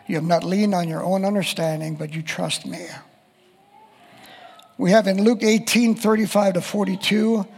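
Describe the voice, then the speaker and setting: Preacher, male, high pitched and husky, reading scripture in an echoing hall. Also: steady tone, moderate pace, darkish tone. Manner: reads scripture aloud and quotes voices of the text. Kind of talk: sermon.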